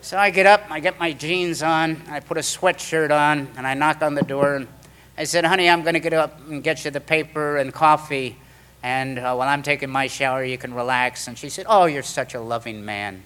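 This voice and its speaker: Bright-voiced man telling a story. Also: fairly high pitch, brisk, clean tone. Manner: animated storyteller, acts out quoted voices. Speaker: speaker sharing his recovery story. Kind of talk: storytelling talk to a meeting.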